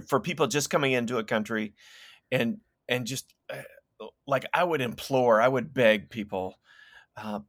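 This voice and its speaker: A man co-hosting a casual talk show, telling stories in an animated way and slipping into playful impressions. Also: medium pitch, no room sound, clean studio sound. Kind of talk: casual conversational chat.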